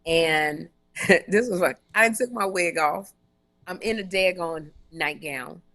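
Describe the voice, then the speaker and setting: A woman talk show host and comedian telling a story on a casual live stream from a hotel room. She talks in an animated, emphatic way and repeats words for emphasis. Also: fairly low pitch, takes it slowly, no echo.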